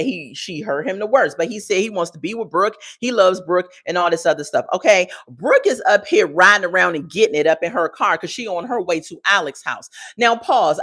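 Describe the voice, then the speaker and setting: Middle-aged woman host, sassy live-stream commentary, lively swooping pitch, talks straight to viewers. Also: breathy edge. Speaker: podcast host reviewing a reality show.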